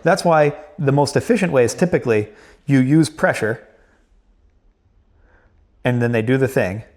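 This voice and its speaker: A man who is a dog trainer, teaching a new trainer in a relaxed conversational way and checking in often. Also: medium pitch, moderate pace. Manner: conversational, repeats points, checks in with "right?". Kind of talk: hands-on training explanation.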